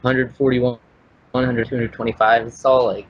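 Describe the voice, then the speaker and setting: Husky young man with dry teasing. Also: mid-range voice, level tone, normal speed, no room sound. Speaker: podcast co-host. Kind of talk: casual chat. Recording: dull lo-fi podcast recording.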